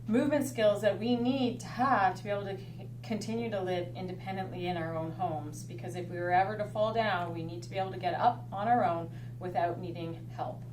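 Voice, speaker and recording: A woman fitness instructor giving clear step-by-step coaching cues for a home workout. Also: mid-range voice, a little mellow, far from the mic. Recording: roomy echo, off-mic, faint hum.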